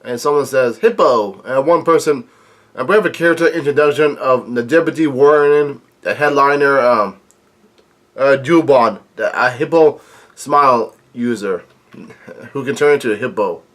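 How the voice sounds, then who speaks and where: A man hosting his own reaction video, reading comic panels aloud and adding asides. His voice sits at an ordinary middle pitch. He stumbles and restarts words often as he goes. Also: a bit bright. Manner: halting, frequent restarts and fillers.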